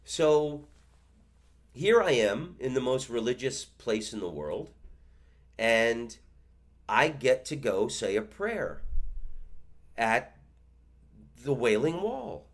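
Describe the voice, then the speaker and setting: This is a man in his fifties, a comedian who hosts a podcast, recounting a story in a lively monologue full of stammered restarts. He speaks slowly at a medium pitch, leaving long pauses.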